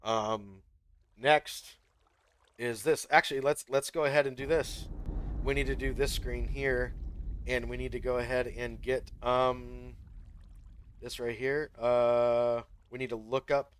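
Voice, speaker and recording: A man's voice: mid-range voice, level tone, a little slow, a little hiss or hum. A man hosting a gaming channel, talking the viewer through each step as he plays in casual commentary.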